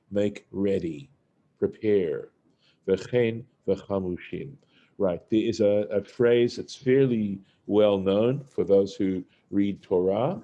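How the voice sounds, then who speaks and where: A man teaching a Torah study lesson, reading Hebrew phrases and translating them one by one in an unhurried way. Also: fairly low pitch, mellow.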